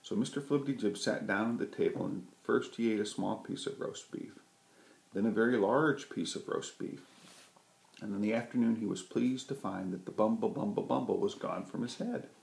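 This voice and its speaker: A man reading a children's story aloud with a gentle, lively delivery. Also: lowish voice, normal speed, creaky. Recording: roomy echo.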